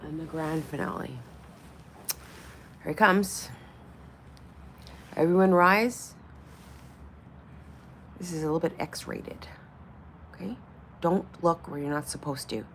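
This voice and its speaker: Chatty, gravelly woman streamer, coos and swears. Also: sits low, slow, pauses often, slight background noise. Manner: chatty, swears casually, coos at objects, drops into whispers. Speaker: livestream host. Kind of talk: casual livestream chat.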